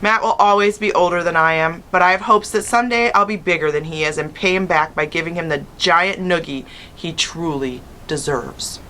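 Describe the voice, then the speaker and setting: A woman teacher reading a children's chapter book aloud with expressive first-person narration. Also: fairly low pitch. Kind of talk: storybook read-aloud.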